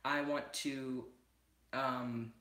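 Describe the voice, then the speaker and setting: A man's voice: medium pitch, level tone, bright, forceful tone. Playful young man hosting a livestream. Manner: playful, teasing, quick. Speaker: host of the livestream. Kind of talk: casual livestream chat. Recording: echoey room.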